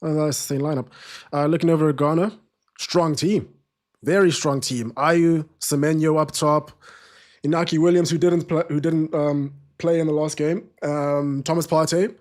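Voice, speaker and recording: A man's voice: a little high, steady tone, normal speed. A man hosting a live football watchalong, chatting casually and self-deprecatingly with many fillers and restarts. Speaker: watchalong streamer. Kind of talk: casual live-stream chat.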